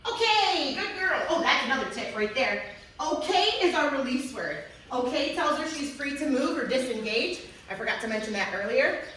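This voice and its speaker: Woman dog trainer, high bursts of praise. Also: normal speed. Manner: bright, high praise to the dog between calm explanations. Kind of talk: instructional video with live dog training. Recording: echoey room, distant mic, faint noise.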